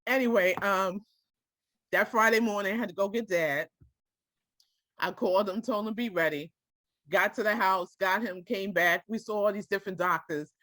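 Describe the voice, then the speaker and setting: A woman's voice: mid-range voice, normal speed, sharp tone, no room sound. A woman telling a personal story to a small group, speaking directly and emotionally and often checking that her listeners follow her.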